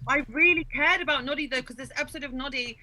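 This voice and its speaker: A woman comedian with a very bright, ringing voice, trading stories on a comedy podcast. She is animated and acts out her old childhood outbursts as she goes. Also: high-pitched, fast, rough recording. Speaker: guest comedian.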